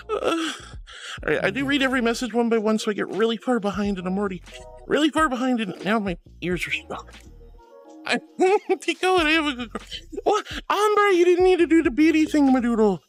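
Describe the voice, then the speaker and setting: A woman's voice: fairly high pitch, animated, fairly quick, soft background music. A woman live streamer chatting with her viewers, gushing, flustered and laughing often as she thanks them.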